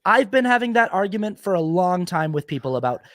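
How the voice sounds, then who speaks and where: A man talking casually as a podcast guest, animated and emphatic, often correcting himself mid-sentence. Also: sits high, a little fast, dry recording. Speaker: podcast guest, sketch video maker. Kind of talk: casual conversation.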